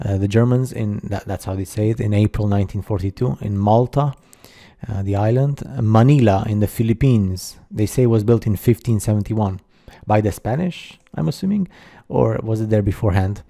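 A man talks over a slideshow in a very dark, mellow voice set fairly low. He narrates casually and haltingly, with many fillers and skeptical asides. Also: fairly even intonation. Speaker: video narrator.

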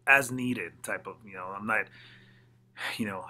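A man, a mix engineer, telling studio stories in a casual interview, animated and swearing freely as he acts out what others said. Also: on the low side, fairly quick.

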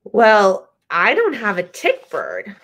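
A woman's voice: mid-range voice, wildly swooping pitch, slow pace, full character voice. A woman voicing an earnest, insistent female bulldog who believes she is a rhinoceros, in a picture-book read-aloud. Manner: earnest, insistent, bright storybook voice.

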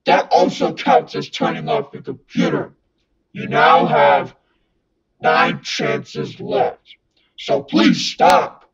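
A man voicing a furious evil-mode computer error entity with a harsh, gravelly, toneless voice and a scolding, threatening manner. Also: on the high side, huge pitch swings, takes it slowly, dull audio, over a noisy crowd, full character voice. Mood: menacing scolding. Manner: scolding, threatening, shouting bursts.

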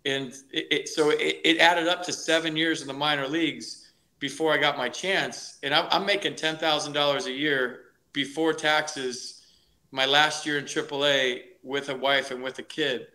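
A middle-aged man spins stories from his playing days with animated energy. His voice has a bright, forward edge. He often stumbles over his first words before the point lands. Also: a little high, moderate pace. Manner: energetic, animated storytelling with repeated restarts. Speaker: guest, former ballplayer and broadcaster. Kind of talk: storytelling in a podcast interview.

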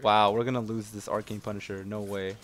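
A young man commentating his own gameplay, excitable and casual, yelling at teammates and swearing, then calmly explaining strategy. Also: fairly low pitch, fairly quick, slight background noise.

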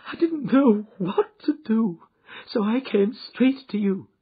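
A woman's voice: lively intonation, slow, breathy edge, heavily acted. A man voicing a distraught, frightened young woman who pleads for help, in a dull lo-fi recording. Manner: pleading, high and breathless.

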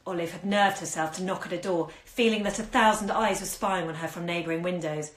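A bookshop owner reads a short story aloud at home during lockdown, giving the dialogue small acted touches. Her fairly low voice moves fairly quickly. It's streamed live from a phone in an echoey room.

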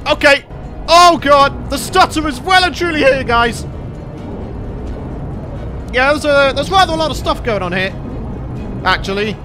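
A British man commentating a game he is playing, excitable and prone to panicked shouts and yelps. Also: extremely high pitch, moderate pace, pauses often, over music. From Britain. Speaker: gaming channel host. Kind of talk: let's play commentary.

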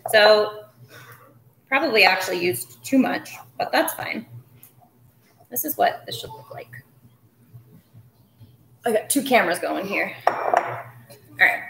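A woman's voice: mid-range voice, expressive, slow, vocal fry, long pauses, background noise. Chatty woman cooking in a roomy kitchen. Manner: chatty, joking asides, muttering to herself while working. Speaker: cooking show host. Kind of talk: live cooking demonstration. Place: home kitchen. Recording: roomy kitchen sound with clattering dishes.

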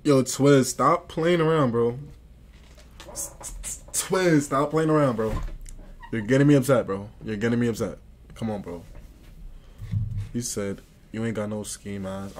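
A man's voice: lowish voice, mellow, a little hiss or hum. A young man livestreaming and answering chat in slangy, boastful casual talk. He keeps repeating phrases and often drops to a mutter.

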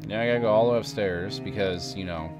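A man's voice: fairly low pitch, fast, over music. A man hosting a gaming channel, chatting casually with sarcastic, rambling asides while playing. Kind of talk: casual let's-play commentary.

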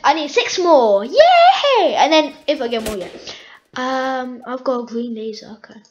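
High-voiced woman chatting over a shooter game. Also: moderate pace, muffled recording, a little hiss or hum. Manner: chatty, excitable, pleading with the game. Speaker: gaming YouTuber. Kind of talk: casual gameplay commentary.

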